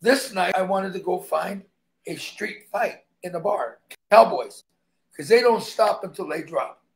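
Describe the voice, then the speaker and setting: A man's voice: sits high, unhurried, vocal fry. A man who is a stuntman, guesting on an interview and telling emphatic stories in which he acts out the dialogue.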